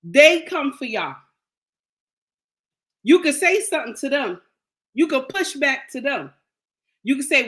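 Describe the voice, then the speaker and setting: A woman with a high, bright, forceful voice delivers a relationship advice monologue straight to camera. She talks in an unhurried way, blunt and preachy, hammering her points home by repeating them, with slangy scolding. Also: very animated. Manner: emphatic, preachy, repeats lines for emphasis.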